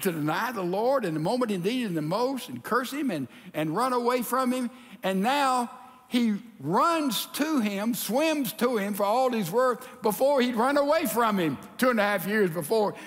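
A pastor preaching a sermon in a lively, animated way, acting out the people in his story. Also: extremely high pitch. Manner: animated preaching, acts out quotes. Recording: reverberant hall.

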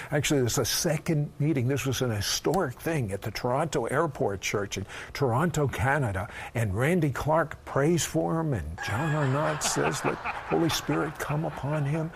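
Gravelly animated man hosting a talk show. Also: medium pitch, normal speed, few pauses, a little hiss or hum. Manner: animated, playful questioning. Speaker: host. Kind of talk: interview on a faith talk show.

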